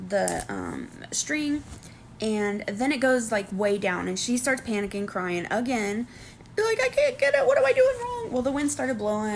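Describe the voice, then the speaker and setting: A woman recapping a reality show in a casual vlog, animated and excitable, breaking into high squeals. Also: vocal fry, a little hiss or hum.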